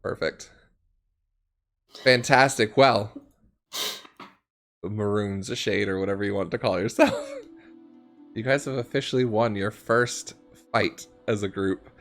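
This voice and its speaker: A man's voice: lowish voice, unhurried, long pauses, a bit bright, soft background music. A young man running a tabletop game as game master, narrating casually with many fillers.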